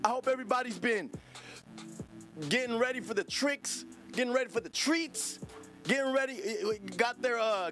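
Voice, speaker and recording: With a very high, fairly bright voice, the man hosting this livestream podcast lashes out angrily at his chat, cursing in a drawling, sing-song manner.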